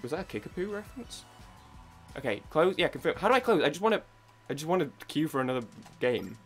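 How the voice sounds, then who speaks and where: A man's voice: on the high side, very animated, quick pace, soft background music. British young man, gaming YouTuber, loose rambling commentary with lots of false starts. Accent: British English. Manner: rambling, full of restarts and idle humming.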